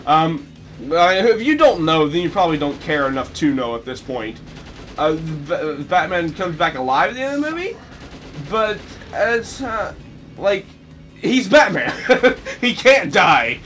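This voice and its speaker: A young man with a slightly raised voice talks over his own gameplay. He wanders off topic, jokes sarcastically and puts on bursts of mock grandeur. Soft game music plays faintly underneath. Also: a little high, sing-song, a little slow. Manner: rambling, sarcastic, jokey mock-dramatic outbursts. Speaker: let's play commentator. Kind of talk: gameplay commentary.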